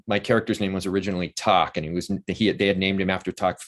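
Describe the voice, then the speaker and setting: Animated low-voiced man telling stories. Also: fast talker. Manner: animated storyteller who acts out quoted voices. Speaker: interview guest, actor and playwright. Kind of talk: casual storytelling interview.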